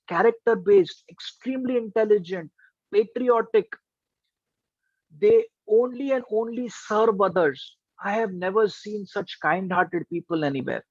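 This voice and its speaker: A trainer tells students a story with plenty of emphasis. His voice sits high for a man. The sound is dull and dry. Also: dry recording. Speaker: trainer and life coach.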